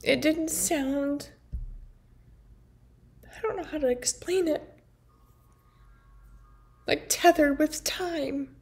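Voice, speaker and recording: Slow, gravelly-voiced woman vlogger. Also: high-pitched. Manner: earnest, emotional, heavy use of "like". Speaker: vlogger and family caregiver. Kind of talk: personal storytelling to camera.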